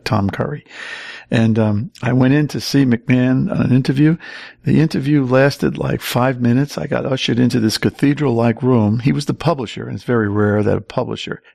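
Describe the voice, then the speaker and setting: An older man, the guest in a casual interview, telling stories in an animated way and acting out quotes. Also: medium pitch, creaky, no room sound, clean studio sound. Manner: animated storyteller who acts out quotes.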